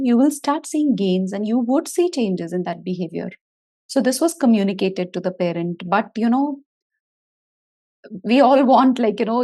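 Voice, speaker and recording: Woman in her forties, podcast host, reflective storytelling, conversational, lots of fillers, mid-pitched voice. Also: warm tone. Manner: conversational, frequent "you know" fillers. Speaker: podcast host and occupational therapist.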